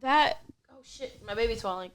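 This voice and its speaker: A woman co-hosting a podcast, frank and animated in casual chat, laughing as she talks. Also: on the high side, moderate pace. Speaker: podcast co-host.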